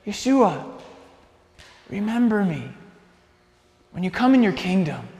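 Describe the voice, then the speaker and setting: A man's voice: sits high, sing-song, slow, a little mellow, exaggerated voice. A man voicing a repentant dying criminal, speaking with earnest pleading. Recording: long hall reverb.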